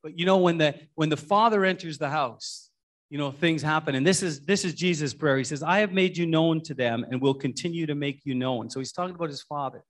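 Halting, storytelling male pastor. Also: a little high. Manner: halting, repeats words and restarts often; folksy, storytelling. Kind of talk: sermon.

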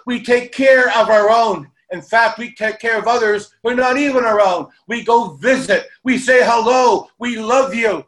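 A man's voice: high voice, a bit bright. A man preaching a sermon to his congregation, fervent, with repeated calls of praise and joking asides. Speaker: pastor.

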